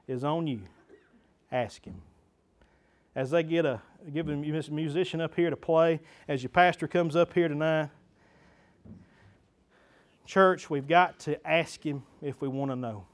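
A man's voice: fairly high pitch, a little slow, long pauses. A man preaching a sermon to his church, earnest and building to fervent emphasis, with stammered restarts. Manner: repeats himself and stammers on restarts.

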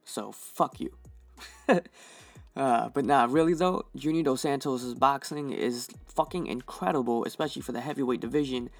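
A man's voice: medium pitch, normal speed, no echo, soft background music. A young man hosting a casual fight review, talking in a heated, rambling way and swearing constantly. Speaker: fight podcast host.

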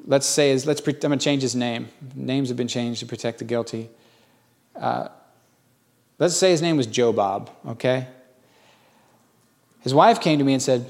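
A middle-aged man preaching a sermon as pastor, telling stories in a folksy way with animated bursts when quoting others. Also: medium pitch, moderate pace, pauses often.

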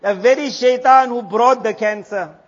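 In this sermon, a male Islamic teacher speaks at an ordinary pace with an extremely high pitch. He asks rhetorical questions and supplies his own answers, captured on an echoey, low-fidelity hall recording.

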